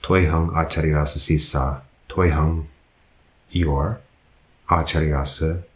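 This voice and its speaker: Very deep-voiced man teaching slowly. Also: fairly even intonation, roomy sound, poor audio. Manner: slow, methodical, pauses to correct himself. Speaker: Buddhist monk teaching Pāli. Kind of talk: grammar lesson, translating sentences.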